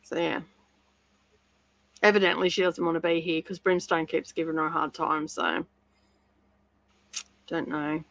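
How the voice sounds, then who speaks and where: A woman's voice: sits low, steady tone, a little slow, vocal fry, pauses often, fairly bright tone, dry recording, low-quality recording. A woman hosting a casual livestream chat from home, chatty and giggly, often rambling. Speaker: livestream host.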